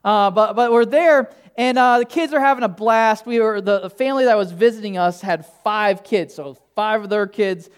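A man's voice: sits high, moderate pace, few pauses, smooth. A male pastor preaching a sermon, telling a personal story in a casual, humorous, conversational way.

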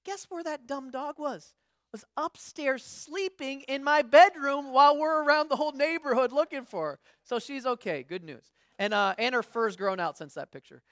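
A woman's voice: high voice, moderate pace, no room sound, clean studio sound. A woman pastor giving a conversational sermon, telling stories with frequent restarts and acting out what others say. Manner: storytelling, frequent restarts, acts out quoted voices.

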